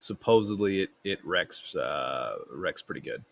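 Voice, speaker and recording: A man's voice: low-pitched, lively intonation, unhurried, creaky, fairly bright tone, no room sound. A man hosting a casual gaming podcast, rambling with fillers and restarts. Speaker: podcast host.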